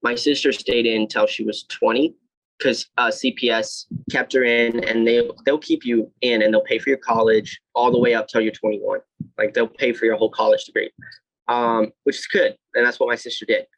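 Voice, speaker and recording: A man's voice: mid-range voice, level tone, moderate pace, vocal fry, no echo, low-quality recording. A young man in his twenties, a podcast guest, telling his own story with candor, blunt and swearing freely, with many fillers and restarts. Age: 20s. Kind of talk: candid personal storytelling.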